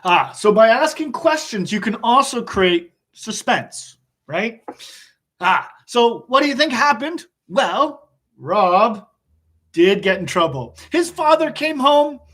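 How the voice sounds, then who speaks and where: A male teacher telling a story in a public speaking lesson, animated, often laughing and asking his listeners questions. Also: extremely high pitch, slow pace.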